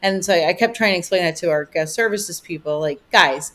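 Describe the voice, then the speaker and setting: A woman talking as a podcast guest in casual conversation, chatty and rambling, with plenty of "you know" and animated retellings. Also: lowish voice, fairly quick. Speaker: podcast guest, vacation rental owner.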